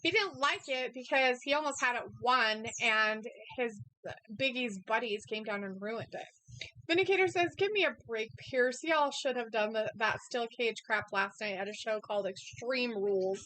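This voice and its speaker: A woman's voice: a little high, moderate pace, bright, forceful tone, dry recording, poor audio. A woman co-hosting a casual live watch-along stream, laughing often as she reads viewer comments aloud. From Idaho, USA. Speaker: co-host reading chat comments.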